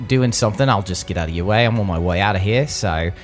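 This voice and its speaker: Guy doing a nervous wanderer dude, stammers a lot, fake british accent, lowish voice. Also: fast, soft background music, close to an everyday voice. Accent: British-sounding put-on. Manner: stammering, rambling. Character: nervous male human wanderer, chatty, timid.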